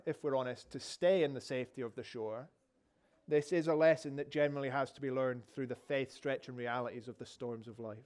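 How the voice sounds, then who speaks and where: A man's voice: medium pitch, a little mellow. A middle-aged Scottish man preaching a sermon, telling the story vividly and asking rhetorical questions. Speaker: pastor.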